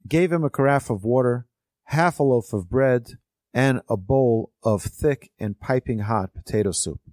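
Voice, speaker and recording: A man's voice: mid-range voice, warm tone, dry recording, studio quality. A religious teacher telling a parable and explaining it to his weekly class in an earnest, discursive way. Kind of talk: storytelling lesson.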